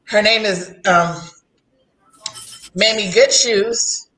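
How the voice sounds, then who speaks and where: A woman hosts a casual livestream chat with a sharp, bright voice. She rambles along in a chatty way and laughs often. The room around her is echoey. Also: mid-range voice, very slow. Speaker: host.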